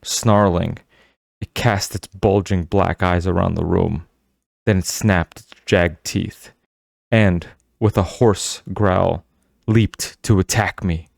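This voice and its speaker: A man narrating an audiobook in a steady, measured storytelling manner. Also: sits low, vocal fry, dry recording, studio quality.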